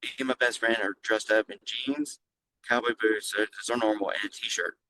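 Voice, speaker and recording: A middle-aged man who owns a flooring business, telling stories lively and casually in an interview, swearing freely. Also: fairly low pitch, normal speed, background noise. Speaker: guest, flooring business owner.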